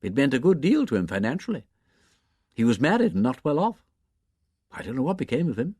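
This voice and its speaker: A man voicing a gentle older woman don, sorrowful and soft-spoken. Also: medium pitch, sing-song, a little fast, slightly rough, dry recording, clean studio sound, pitched above the performer's own voice. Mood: mournful.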